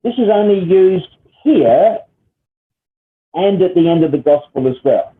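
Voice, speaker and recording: A man's voice: high-pitched, expressive, measured pace. A man teaching a Bible study lesson, explaining step by step and often checking in with "all right?" and "okay?". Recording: tinny phone-like sound.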